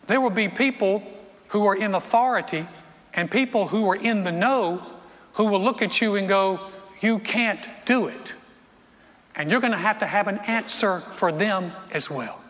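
A man preaches a sermon with a strained voice that sits high in his range. He speaks emphatically, repeats words and drops into quiet, intense stretches. His bright tone carries a long hall reverb. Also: normal speed.

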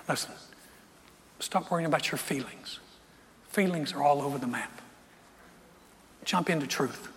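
A man preaches a sermon with a strained voice that sits high in his range. He speaks emphatically, repeats words and drops into quiet, intense stretches. His bright tone carries a long hall reverb. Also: a little slow, long pauses, slight background noise.

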